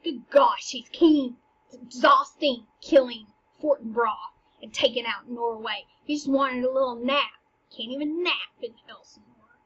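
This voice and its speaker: A woman giving a casual lesson that explains a play, animated and jokey, with playful asides. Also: sits high, a little slow, slightly rough, lo-fi sound.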